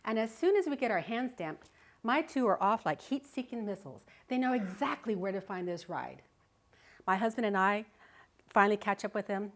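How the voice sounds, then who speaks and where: A middle-aged woman giving a live talk, telling a personal story vividly and expressively, often laughing. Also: medium pitch. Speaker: speaker. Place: live speaking event.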